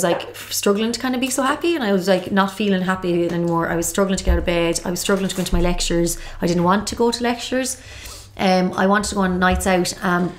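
Irish woman in her 30s, quick and a bit low-voiced, chatty and reflective, lots of "like". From Galway, Ireland. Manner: reflective, open, lots of "like" and "kind of". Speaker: podcast guest. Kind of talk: candid personal storytelling.

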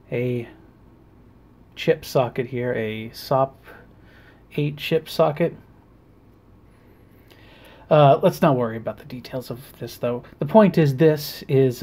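A man who tinkers as a hobby, casually demonstrating a build and talking in a halting way with many fillers. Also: mid-range voice, mellow. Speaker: hobbyist maker.

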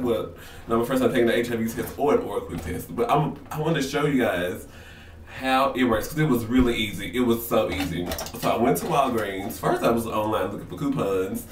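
A man's voice: medium pitch, fairly quick, slight background noise. Young man, sassy nervous home vlogger, roomy echoey sound, mic a bit far off. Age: 20s. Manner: nervous, chatty, sassy, says "girl" often. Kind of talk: casual vlog talk. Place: home bathroom. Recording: roomy echo, slightly distant.

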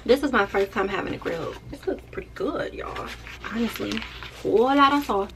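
A woman's voice: a little high, moderate pace, background noise. A woman who works as a lash tech, chatting casually and playfully straight to her viewers in a vlog.

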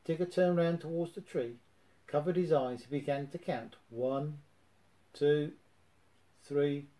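A man reading a children's storybook aloud in a gentle, expressive way. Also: fairly high pitch, moderate pace, poor audio.

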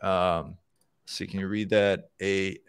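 A man's voice: deep voice, flat delivery, slow, smooth, no room sound, studio quality. A man co-hosting a casual live show about programming, talking loosely with many fillers and restarts. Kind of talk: casual live-stream chat.

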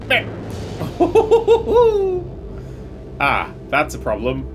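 A man giving loud, swearing, excitable live commentary while streaming a game, with sudden yelps and laughs. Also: very high-pitched, extremely slow, music in the background.

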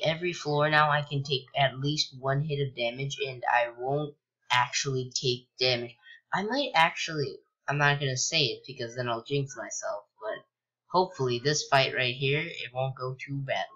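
A young man casually commentating a video game he's playing, rambling with lots of ums and likes and sudden excited yelps. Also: mid-range voice, muffled recording. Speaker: gameplay commentator. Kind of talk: casual let's-play commentary.

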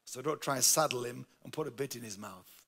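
A man's voice: mid-range voice, fairly quick, vocal fry, fairly bright tone. A man with a Yorkshire accent preaching a sermon, telling a story with emphatic, humorous delivery. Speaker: pastor.

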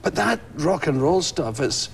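A Scottish man, a guest comedian, telling animated stories on a talk show and acting out voices and crowd shouts. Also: on the high side, unhurried, gravelly, husky. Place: television studio.

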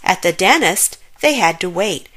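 A woman reading a children's story aloud with expressive, playful narration. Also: lowish voice, moderate pace.

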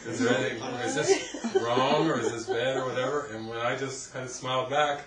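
A man, a spiritual teacher, telling a rambling, animated story in casual talk at a retreat, often laughing. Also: medium pitch, brisk, over a noisy crowd. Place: retreat hall. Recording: roomy, distant, noisy ambience.

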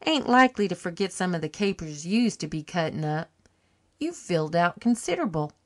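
A woman reading an audiobook, voicing a friendly middle-aged male farmer who talks in a slow rustic drawl. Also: lowish voice, sing-song.

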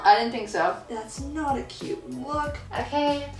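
A woman's voice: fairly high pitch, unhurried. A young woman vlogger chatting casually while she paints, rambling and giggly, filling her talk with "like". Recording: echoey room with soft background music.

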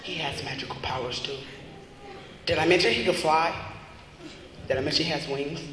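A young man doing a rambling stand-up comedy routine with goofy, deadpan asides at a talent show. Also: fairly high pitch, normal speed, a little hiss or hum. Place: large school hall with audience. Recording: echoey hall, crowd behind.

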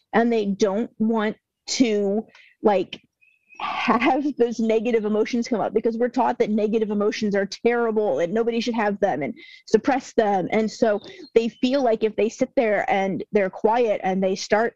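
A woman guest talks earnestly in a warm, mellow voice, her words flowing in a relaxed conversational way. The sound is dry and a little dull, like a lo-fi call recording. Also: medium pitch, dry recording. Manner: earnest, retells client dialogues. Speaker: herbalist guest. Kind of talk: casual interview talk.

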